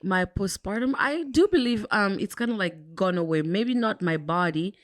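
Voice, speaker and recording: A woman's voice: mid-range voice, expressive, moderate pace, no room sound, studio quality. A young woman co-hosting a podcast, talking candidly and reflectively in casual chat, with plenty of "um" and "like.". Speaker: podcast co-host.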